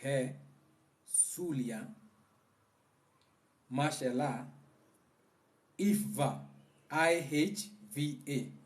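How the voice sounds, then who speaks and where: Kenyan man teaching in a loose, chatty way. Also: medium pitch. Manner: loose, chatty explaining that drifts between languages and slowly chants phrases. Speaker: spiritual teacher. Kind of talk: casual livestream teaching.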